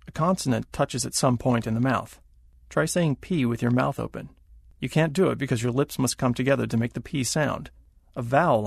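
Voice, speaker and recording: A man's voice: medium pitch, creaky, no room sound, clean studio sound. A man reading a plain explanation of vowels and consonants. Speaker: explainer in an accent lesson. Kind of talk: scripted instructional reading.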